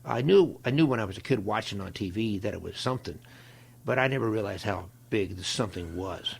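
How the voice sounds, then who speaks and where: An older man from Ohio, a guest on an interview show, telling stories in an animated way and acting out the voices of people he quotes. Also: fairly low pitch, fairly quick, creaky, a little hiss or hum. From Ohio, USA. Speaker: guest, longtime football equipment manager. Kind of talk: storytelling interview.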